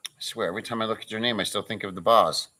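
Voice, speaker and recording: A man's voice: lowish voice, steady tone, very fast, bright, forceful tone. A man chatting casually on a live stream, joking crudely and reading out viewers' names. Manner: crude joking, reads chat names aloud. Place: farm pen with a pig.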